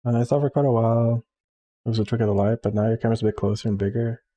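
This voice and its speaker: A man's voice: mid-range voice, fairly even intonation, rapid-fire, warm tone. A man hosting a live drawing stream, chatting casually and telling a rambling story full of fillers and restarts. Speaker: livestream host. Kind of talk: casual chat while drawing.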